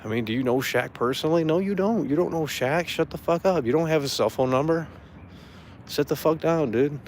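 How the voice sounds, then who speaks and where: A man's voice: fairly high pitch, a little fast, darkish tone, a little hiss or hum. A man ranting angrily in casual talk, swearing freely and mocking someone who annoyed him. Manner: angry, profane ranting; mocking impressions in a raised voice. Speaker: streamer.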